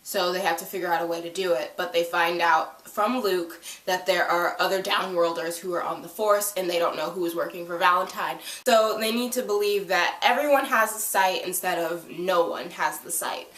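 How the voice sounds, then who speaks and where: A woman's voice: fairly low pitch, normal speed, few pauses, a bit bright. A young woman casually recapping a TV episode, chatty and giggly, acting out the characters' lines as she goes. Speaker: TV episode reviewer. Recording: echoey room, distant from the mic.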